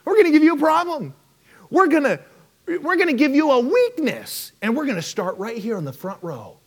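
A man's voice: very high-pitched, big pitch swings, moderate pace, voice pushed up, heavily acted. A man impersonating a famous female talk-show hostess, making a big announcement to her audience. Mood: grandly announcing.

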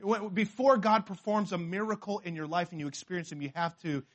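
A pastor from the western US preaches a lively, conversational sermon in a voice that sits high, talking a little fast. He acts out quotes and often restarts his sentences.

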